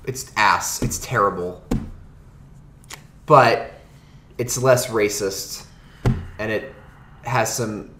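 Lively, blunt man reviewing movies. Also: lowish voice, background noise. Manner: blunt, sarcastic, lively delivery. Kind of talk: casual movie review chat.

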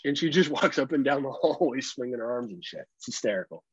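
A young adult man co-hosting a casual podcast, telling animated stories and swearing freely. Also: fairly high pitch, fast talker, hardly any pauses, breathy edge, no room sound, muffled recording. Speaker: podcast co-host.

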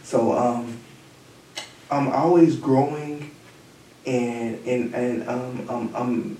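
A man's voice: medium pitch, steady tone, drawn-out words, mellow, slight background noise. A man who is a guest on a podcast in casual chat, earnest and preachy, repeating his points. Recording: very echoey room, far from mic.

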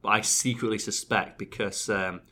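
Brief: young guy, casual podcast chatter, quick and animated, lowish pitch. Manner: fast, animated, jokey storyteller. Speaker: YouTube channel co-host.

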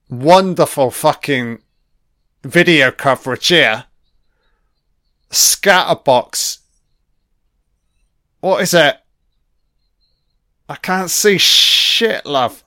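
A man's voice: sits high, slow pace, pauses often, sharp tone, smooth, dry recording, clean studio sound. Profane British man riffing on a film. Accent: British English. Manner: profane, reactive, rambling. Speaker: film commentator. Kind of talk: casual film commentary.

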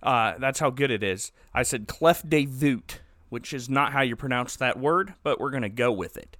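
Bright-voiced man telling a jokey recap. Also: mid-range voice, moderate pace, dry recording, studio quality. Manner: jokey, animated storytelling, puts on silly voices for characters. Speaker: podcast co-host recapping a movie. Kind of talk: casual comedic podcast chat.

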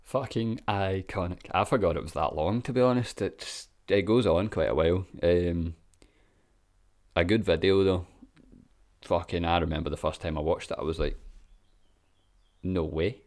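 Scottish man, very deep voice, laid-back, sweary, lots of ums and chuckles, casual vlog chat. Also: normal speed, a little mellow. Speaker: vlogger. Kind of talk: casual reaction commentary.

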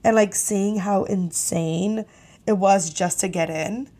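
Animated young woman telling a story. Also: medium pitch, takes it slowly. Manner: animated, profane, exasperated retelling. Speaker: podcast host. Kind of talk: casual storytelling.

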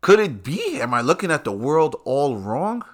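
A man's voice: a little high, big pitch swings, normal speed. A man delivering a casual, profane rant to his viewers in street slang.

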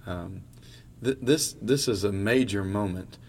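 Earnest low-voiced male pastor. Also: measured pace, vocal fry, a little hiss or hum. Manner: earnest, stumbles and repeats words while thinking aloud. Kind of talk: casual podcast conversation.

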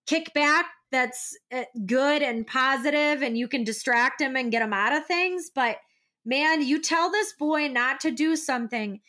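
A woman's voice: sits high, a little slow. A young woman co-hosting a casual podcast chat, animatedly acting out stories. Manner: animated storytelling, acting out scenes. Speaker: podcast co-host.

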